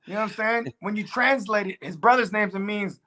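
A man co-hosting a casual sports podcast, talking in a loose, slangy, animated way and swearing freely. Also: sits high, brisk.

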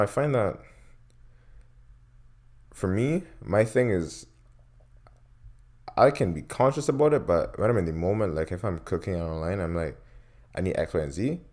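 Young male co-host with a very low voice; easygoing and jokey. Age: young adult. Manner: laid-back, playful, teasing banter. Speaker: podcast co-host. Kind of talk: casual chat.

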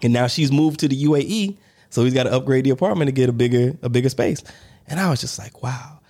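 Man telling a story in lively podcast chat. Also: medium pitch, fast talker. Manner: animated storyteller, acts out quoted voices, laughs between lines. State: on crutches. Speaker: podcast co-host.

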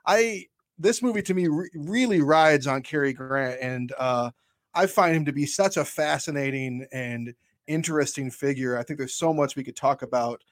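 A man with a fairly high voice, talking casually about a film with friends. He restarts his sentences often and swears freely. The sound is dry and close, with no room around it. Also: normal speed, dry recording. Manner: chatty, frequent restarts and laughs, swears casually. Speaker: podcast co-host.

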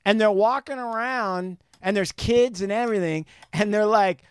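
A man's voice: high voice, moderate pace, clean tone, no room sound. A man co-hosting a podcast, ranting and joking with heavy profanity. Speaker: podcast co-host. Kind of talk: crude comedic podcast banter.

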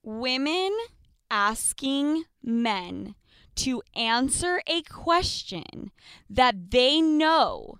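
A young woman in her twenties talks in a high, bright, lively voice, brash and unfiltered, swearing freely as she co-hosts a casual chat. Her voice is close and dry, with no room sound. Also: extremely slow, clear, resonant tone, dry recording. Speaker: podcast co-host.

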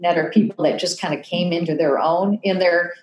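Fifty-something woman telling her story on a podcast, lowish voice, room echo. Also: a little fast. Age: 50s. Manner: animated, acts out quoted voices. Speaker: guest, television personality. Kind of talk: emotional storytelling in a podcast interview.

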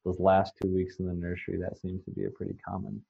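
Man, very low voice, casual rambling storyteller, dull lo-fi podcast sound. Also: monotone, quick pace, creaky, breathy edge, no room sound. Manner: rambling, anecdotal, many fillers and restarts. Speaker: swine nutrition guest.

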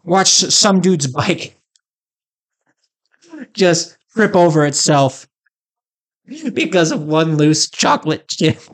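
A man's voice: fairly high pitch, animated, slow, long pauses. A man doing a rambling comic monologue, joking and sarcastic. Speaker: comedic host.

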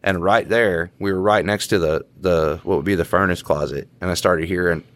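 Deep-voiced man telling stories. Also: fairly even intonation, moderate pace, fairly bright tone. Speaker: podcast co-host, police officer. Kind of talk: casual storytelling.

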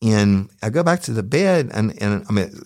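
A man tells a true crime story, cursing freely. His voice sits very low, yet it swings widely in pitch as he talks. He retells events in an animated, unfiltered way. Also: normal speed, dry recording, clean studio sound. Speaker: podcast host.

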